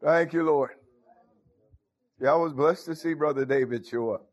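A man's voice: a little high, moderate pace. A man preaching an informal sermon to a small congregation, calling out to members by name.

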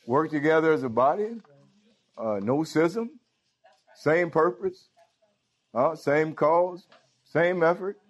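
Preaching a sermon in church, this man keeps calling out to the congregation in a relaxed, informal way. His voice is on the high side and slow, broken by long pauses, and the audio has its highs cut off.

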